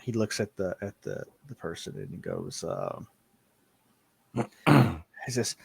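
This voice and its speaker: A man's voice: sits low, huge pitch swings, creaky, slightly rough, no echo. Man running a tabletop game. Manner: halting, many restarts and fillers. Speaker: game master.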